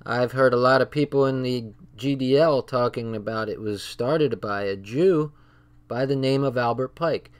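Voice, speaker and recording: A man's voice: medium pitch, normal speed. A man hosting his channel, reading from a text and commenting on it in a blunt, profane, casual way, with stories from his own life. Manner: blunt and profane, talks straight from personal stories.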